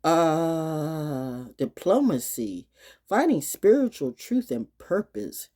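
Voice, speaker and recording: A woman speaking in an unscripted vlog monologue, blunt and profane, swinging from loud challenges to low, muttered asides. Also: expressive, moderate pace, husky. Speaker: astrology vlogger. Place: outdoors. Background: birds.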